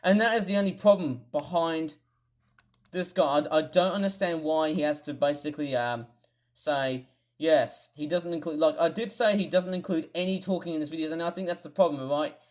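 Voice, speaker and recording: A grumpy vlogger who rambles through a ranting commentary, often restarting and suddenly bursting into shouts. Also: medium pitch, moderate pace. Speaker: toy review vlogger.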